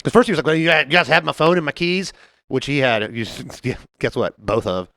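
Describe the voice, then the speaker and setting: A man co-hosting a podcast, telling a story in casual chat, animated and laughing often as he acts out the people in it. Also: medium pitch, a little fast, gravelly, no echo, clean studio sound. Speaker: podcast co-host.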